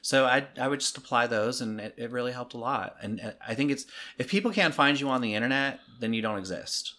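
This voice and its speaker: A man's voice: medium pitch, a little fast. A man with a Southern US accent, telling stories in a casual, profane podcast chat as the guest. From American South. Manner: profane, animated storytelling. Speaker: interview guest.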